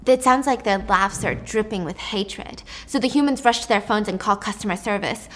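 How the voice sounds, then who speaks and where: A woman telling a dark story in a casual spoken way, with chatty asides to the listener. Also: medium pitch, normal speed, few pauses.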